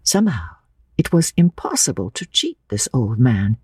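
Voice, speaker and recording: A woman narrating a classic novel in a measured, expressive dramatic reading. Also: a bass voice, breathy edge, dry recording, studio quality.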